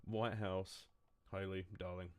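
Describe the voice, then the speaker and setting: Deep-voiced man, rambling stream chat. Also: little pitch movement, takes it slowly, smooth, dry recording. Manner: rambling, self-mocking, joking. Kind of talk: casual live-stream chat.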